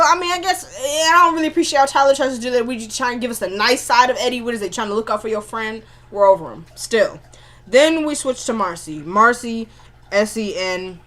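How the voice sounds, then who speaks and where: A woman casually recapping a TV episode in an animated, chatty way, spelling out her swear words. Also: mid-range voice. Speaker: TV episode reviewer.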